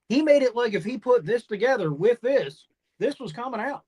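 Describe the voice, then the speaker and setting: A man joining a casual podcast chat as a newer guest, speaking candidly with some halting restarts. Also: very high voice, animated, a little mellow, breathy edge.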